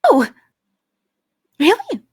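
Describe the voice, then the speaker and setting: A woman playing her character in a tabletop game, genteel and curious, with an unhurried, playful manner. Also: darkish tone. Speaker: player.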